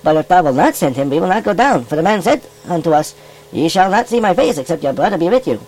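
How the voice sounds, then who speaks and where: A man's voice: high voice, big pitch swings, fast talker, a little mellow, poor audio. A man voicing a cheerful, folksy furry animal rabbi who reads scripture aloud with emphatic, old-fashioned phrasing. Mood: storytelling. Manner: folksy, emphatic King James reading. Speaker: scripture reader. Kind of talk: puppet-style children's Bible reading.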